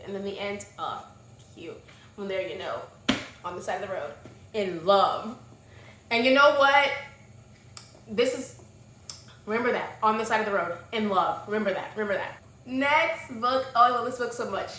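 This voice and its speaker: A young woman reviewing books in a casual chat, gushing and animated, dropping to soft murmurs and rising to loud exclamations. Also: on the high side, normal speed, long pauses. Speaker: book vlogger. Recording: echoey room with faint noise.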